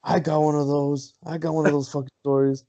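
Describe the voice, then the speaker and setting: A man's voice: on the high side, little pitch movement, brisk, warm tone, dull audio. A man on a podcast telling a long story, rambling and swearing, laughing often. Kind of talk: casual chat.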